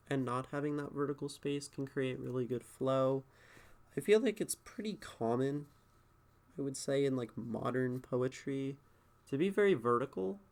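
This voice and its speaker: Man casually talking through a poem. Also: mid-range voice. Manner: conversational, thinks aloud with many fillers and "right?" tags. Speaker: streamer critiquing poetry. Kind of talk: casual spoken critique.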